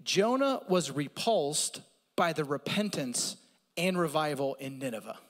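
A man preaching a sermon as pastor, animated and conversational, with asides to the congregation. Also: fairly high pitch, slow, long reverb tail. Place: church.

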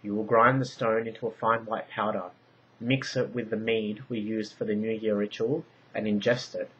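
A man reading a story aloud, voicing a grave female oracle who speaks in solemn, measured prophecies. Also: on the low side, level tone, fairly bright tone, a little hiss or hum, natural voice. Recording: dull lo-fi recording.

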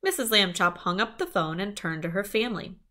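Lively woman reading a children's book. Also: mid-range voice, fairly quick. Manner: lively storytelling, small asides. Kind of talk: reading a chapter book aloud.

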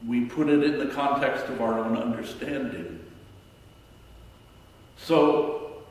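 A man minister giving a sermon in a church, speaking in a slow, reflective way with pauses. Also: medium pitch. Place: church sanctuary. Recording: echoey church hall from far off.

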